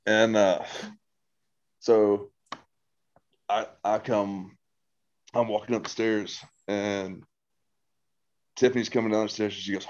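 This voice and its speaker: Casual male storyteller, low pitched, swears and rambles, muffled lo-fi recording. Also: measured pace, long pauses, darkish tone. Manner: rambling ghost story with restarts, swearing and quoted voices. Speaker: podcast guest, host's brother.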